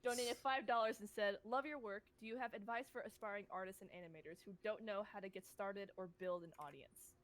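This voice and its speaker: A woman's voice: mid-range voice, brisk, hardly any pauses. A woman co-hosting a live stream, reading out donations and teasing with jokes. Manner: teasing, joking. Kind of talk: casual live-stream chat.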